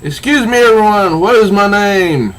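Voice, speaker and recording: A man's voice: high-pitched, lively intonation, moderate pace, a bit bright, voice pushed up. A man voicing a smug, mind-controlling mad prince as he reads a comic aloud. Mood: commanding. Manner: smug, lighthearted taunting. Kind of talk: reading comic dialogue aloud.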